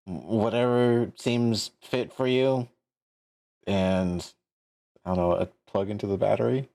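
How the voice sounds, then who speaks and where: A man playing a tabletop game, talking in a halting way with restarts. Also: on the low side, creaky, dark tone. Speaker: player.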